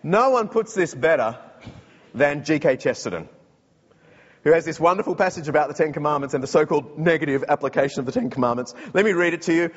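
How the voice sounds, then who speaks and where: An animated Australian man preaching a sermon, his voice high and swooping widely as he jokes and mimics. The sound is a little dull and carries a long hall reverb. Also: fast talker, breathy edge. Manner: animated, joking, mock voices.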